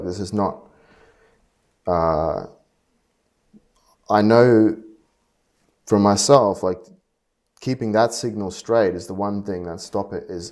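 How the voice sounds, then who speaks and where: A man telling a personal story in a rambling, halting way, frustrated and full of fillers and restarts. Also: lowish voice, darkish tone. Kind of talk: casual personal monologue.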